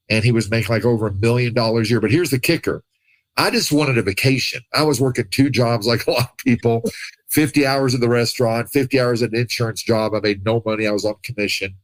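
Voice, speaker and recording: A man telling his life story as a podcast guest, animated, acting out the people he quotes and laughing often. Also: medium pitch, a little fast, no room sound, rough recording. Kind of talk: casual storytelling.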